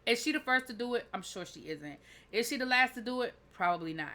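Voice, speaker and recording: A woman's voice: fairly high pitch, expressive, quick pace, bright, forceful tone. A woman recapping a TV episode in a chatty, sassy way, full of asides. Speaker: TV show reviewer.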